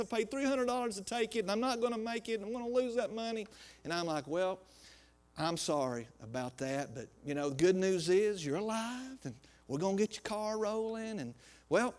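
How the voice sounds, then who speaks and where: A man preaching a sermon, telling a personal story in a folksy way and acting out the dialogue, swinging from loud to quiet. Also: high-pitched.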